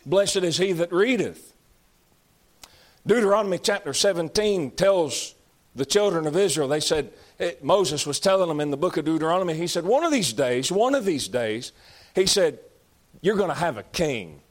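A man preaching a sermon, swinging between loud, drawn-out exhortations and low, conversational asides. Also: lively intonation. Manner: rising to shouted exhortation, then dropping low and conversational.

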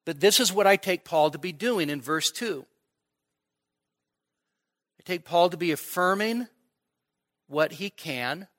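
A male pastor with a bright, clear voice that sits a bit high for a man. He preaches at an unhurried, deliberate pace. He talks to the congregation casually and keeps checking in with "okay?". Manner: conversational, asks the audience "right?" and "okay?" often; acts out imagined dialogue with playful sarcasm. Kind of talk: expository sermon.

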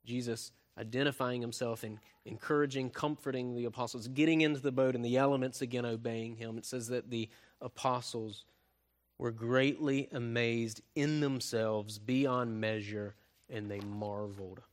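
A man preaching a sermon, often tagging points with "right?" and swinging from loud emphasis to soft, quiet delivery. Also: mid-range voice, fairly even intonation, normal speed. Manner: frequent tag questions "right?", swells louder then drops soft. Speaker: pastor.

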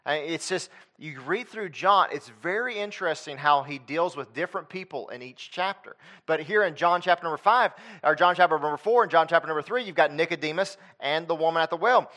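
Male pastor, higher-pitched voice; preaches with repeated emphatic lines and quieter asides. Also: fairly quick, hardly any pauses. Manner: emphatic, repetitive preaching cadence. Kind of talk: sermon.

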